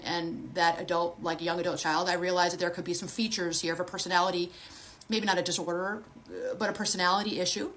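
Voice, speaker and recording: A woman's voice: medium pitch, a bit bright. A woman in her fifties, a therapist and life coach, giving earnest, direct advice to camera in a conversational way. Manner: earnest, direct, addresses viewers personally; conversational with frequent restarts.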